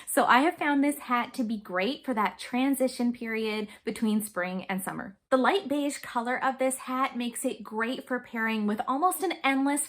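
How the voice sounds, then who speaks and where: A woman's voice: on the high side, a bit bright. Upbeat woman reviewing a product.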